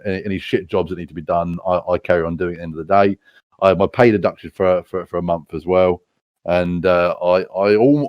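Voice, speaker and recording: A man's voice: sits low, no echo, muffled recording. A British man telling rowdy stories casually, swearing a lot and laughing at himself. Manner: crude, profane, laughing at his own stories. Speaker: storyteller.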